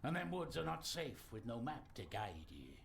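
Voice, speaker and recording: An actor playing a wary old Scottish villager with a gruff, halting way of speaking in an adventure game. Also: male voice, medium pitch, huge pitch swings, crowd noise.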